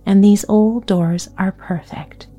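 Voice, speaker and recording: A woman's voice: medium pitch, steady tone, slow pace, warm tone, faint music behind. A woman reading aloud, giving the lines of a cheerful, teasing young man. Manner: playful, cheery.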